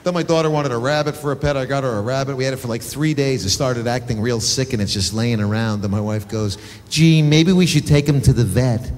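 A man's voice: mid-range voice, fairly even intonation. Crude man doing stand-up in a big hall. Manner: crude, exasperated storytelling with quick acted asides. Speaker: stand-up comedian. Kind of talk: stand-up comedy. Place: theater stage. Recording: live show in a large hall, audience noise.

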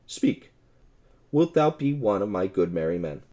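A man's voice: sing-song, a little slow, mellow. A man voicing a bold, merry male outlaw leader in an audiobook, speaking in old-fashioned hearty tones. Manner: old-fashioned hearty speech, raised pitch.

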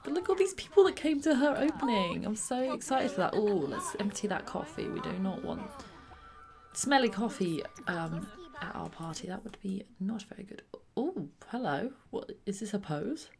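A woman hosting let's play commentary, bubbly and excitable, sometimes dropping into soft whispers. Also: mid-range voice, normal speed, vocal fry, faint music behind. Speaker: gaming channel host.

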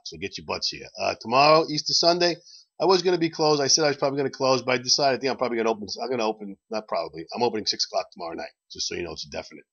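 A man with a medium-pitched, slightly bright voice marked by vocal fry hosts a casual promotional video chat for his bar, heard in lo-fi sound. He rambles and chuckles while swaying in and out of frame as bar owner and vlog host.

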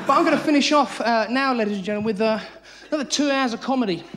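A high-pitched man performs frantic, high-energy stand-up comedy. He swears freely and acts out voices. The stage mic catches a live theatre crowd laughing behind him. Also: racing. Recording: live theatre recording with audience noise.

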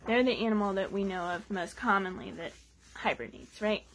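A woman reading picture books aloud to children, expressive and asking them little questions. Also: medium pitch, normal speed, a little hiss or hum. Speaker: children's storytime reader.

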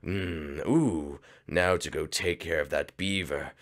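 A man's voice: extremely low pitch, slow, fairly bright tone, pitched below the performer's own voice, exaggerated voice. A man voicing a scheming male reptile villain professor, gloating and theatrical, for a game roleplay.

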